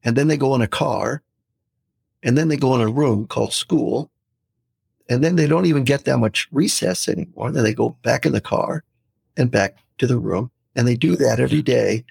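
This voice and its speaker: A man in his sixties, a podcast guest, telling lively stories and acting out quotes in casual talk. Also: medium pitch, normal speed, creaky, slightly rough, dry recording, studio quality. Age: 60s. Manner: storytelling, lively, animated quotes.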